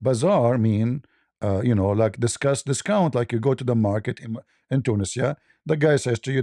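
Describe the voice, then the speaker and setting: Man, host, heated debate, mellow warm tone, dry close sound, somewhat high voice. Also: expressive, moderate pace, no echo. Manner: argumentative, repeats points, mocking.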